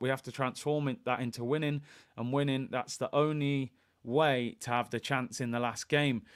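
A man hosting a casual football reaction video, reading quotes calmly and breaking into excited, jokey asides. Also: mid-range voice, no room sound, clean studio sound. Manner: reads quotes in a calm, even tone, then bursts into excited, jokey asides. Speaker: fan channel host.

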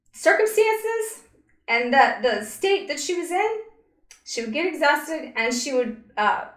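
A woman narrating a story slowly and dramatically, with pauses and fillers, as a spiritual coach. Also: high voice, a bit bright. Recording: roomy echo.

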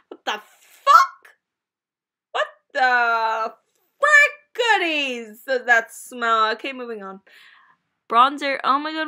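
A woman's voice: fairly high pitch, bright, forceful tone. A woman vlogging through her makeup routine in a chatty, goofy way, joking and swearing to herself. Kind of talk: casual makeup tutorial vlog.

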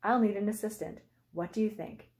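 A woman reading aloud plays an eager young girl from a children's storybook. She sounds excited and full of ideas, at a mid pitch. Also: fairly quick, natural voice. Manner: excited, enthusiastic. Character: eager young girl who wants to be a writer.

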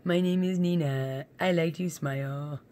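Lazy playful girl dog as her owner puts her on, slow and simple, low-ish. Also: dark tone. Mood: goofy. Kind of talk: voicing a pet for fun.

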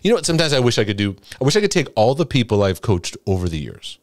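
Animated male preacher, very lively pitch. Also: fast talker, no room sound, studio quality. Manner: animated, acts out prayers in a high pleading voice. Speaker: Christian teacher and coach. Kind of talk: sermon-style teaching broadcast.

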